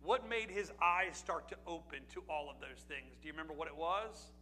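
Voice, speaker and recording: Pastor, male, from Pennsylvania: high voice, sharp tone, chatty sermon full of questions, faint hiss behind. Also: brisk, few pauses, low-quality recording. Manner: conversational preaching with rhetorical questions and asides.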